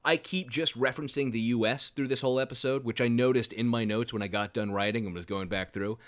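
A man's voice: medium pitch, steady tone, fast talker. A man hosting a casual discussion podcast, chatty and wry with frequent fillers. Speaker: podcast host.

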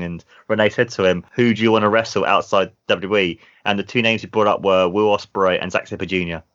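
A man talks enthusiastically on a podcast, rambling from one point to the next. His voice sits a little low. The recording is dull and lo-fi. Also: fairly bright tone. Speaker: podcast co-host. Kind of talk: casual chat. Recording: dull lo-fi sound.

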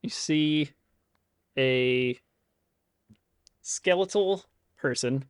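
A man's voice: a little high, clean tone, no echo. Dry-sounding man running a game. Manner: relaxed, halting narration with fillers. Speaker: game master. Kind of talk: narrating a tabletop game.

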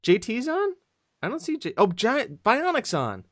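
A man co-hosting a live stream, chatting in a jokey, animated way. His pitch swings widely as he talks. He is recorded close and dry. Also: no echo. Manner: jokey, animated, quick to laugh. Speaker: stream co-host. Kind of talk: casual chat.

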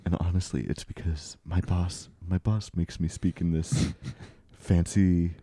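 A man's voice: sits low, flat delivery, unhurried, mellow, dry recording, clean studio sound. A male podcast host rambling wryly through an improvised comedy bit, often cutting himself off. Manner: rambling, self-interrupting, wry.

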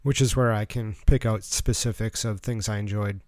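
A man's voice: fairly low pitch, steady tone, normal speed, a little mellow, no room sound. A man co-hosting a podcast, with a dry, sarcastic manner in casual chat. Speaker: podcast co-host.

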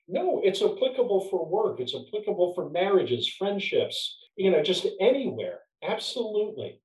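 A man's voice: high voice, sing-song, normal speed, hardly any pauses. Guy trainer on a podcast, storytelling, kinda far from the mic, echoey room. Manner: storytelling, warm, restarts words. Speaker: podcast guest, leadership trainer. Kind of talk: casual podcast chat. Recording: roomy, off-mic sound.

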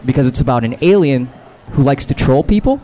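A male voice actor chats as a guest, his pitch swinging widely as he jokes around. His voice sits in a middle range for a man, and he laughs often and breaks into voices. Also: lively intonation, brisk, mellow, slight background noise. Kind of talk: casual chat.

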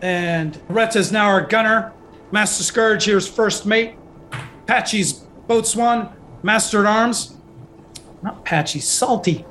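A man's voice: high voice, takes it slowly, bright, forceful tone, slight background noise. A man narrating as game master, rambling with many fillers.

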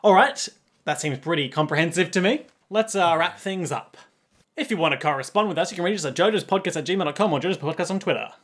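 Dry, teasing man, a bit high. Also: lively intonation, fast talker, a bit bright. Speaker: podcast co-host. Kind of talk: casual chat.

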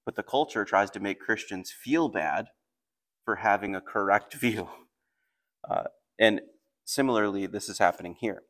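A man's voice: fairly low pitch, moderate pace, long pauses, fairly bright tone. A man preaching a sermon, explaining a passage and reading scripture aloud with rising intensity. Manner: reads scripture aloud with raised intensity between plain explanation. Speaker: pastor.

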